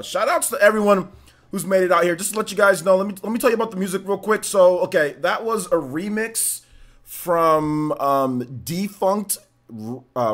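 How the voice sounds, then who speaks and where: Gaming stream host, male, slightly high voice, loose and chatty, rattles off shout-outs. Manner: upbeat, greets chatters by name one after another; loose and rambling, many fillers. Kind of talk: casual live-stream chat.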